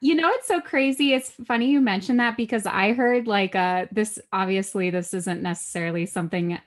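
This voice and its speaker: Animated woman podcast guest. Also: medium pitch, brisk. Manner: animated, chatty, laughs often. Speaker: guest, author and manifestation coach. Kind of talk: casual chat.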